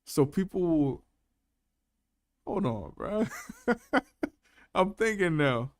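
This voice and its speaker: A man's voice: a little high, very animated, extremely slow, no room sound. A man hosting a casual live panel chat, laughing often and talking in loose, slangy banter. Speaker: panel host.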